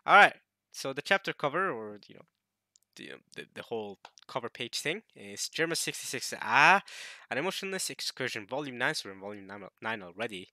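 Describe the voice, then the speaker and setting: A man reading through a manga chapter in casual commentary, thinking aloud and getting excited, with frequent restarts. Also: medium pitch, a little fast, dry recording, clean studio sound.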